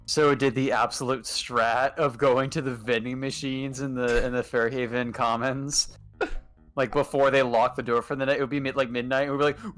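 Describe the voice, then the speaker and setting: A young man chatting casually on a stream, spinning out long anecdotes full of filler words. His pitch sits in an ordinary middle register, with faint music behind him. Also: level tone, normal speed, fairly bright tone. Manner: rambling storyteller, heavy on filler "like". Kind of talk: casual chat.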